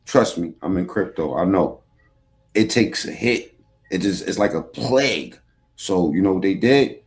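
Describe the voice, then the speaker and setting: A man with a lowish voice talks in a loose, slangy way as he reacts to a clip on his podcast. He swears freely and keeps the chat casual. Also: animated, a little slow.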